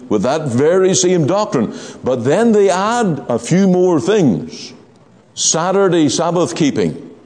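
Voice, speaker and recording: A man preaching a sermon, stressing key phrases slowly and rising in emphasis as he argues doctrine. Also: high voice, darkish tone. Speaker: pastor. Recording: long hall reverb.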